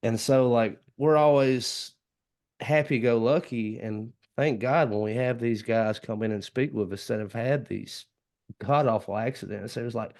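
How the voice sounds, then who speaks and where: A man's voice: medium pitch, unhurried, a little mellow. A man with a Southern US accent hosting a casual podcast chat, talking earnestly and easily, with folksy comparisons. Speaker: podcast host.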